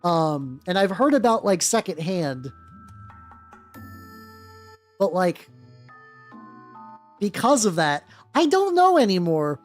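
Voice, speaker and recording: A woman's voice: lowish voice, big pitch swings, slow pace, pauses often. A woman hosting a casual livestream while she paints, rambling with a lot of swearing and restarts. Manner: rambling, profane, many restarts. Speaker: streamer and host. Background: faint background music.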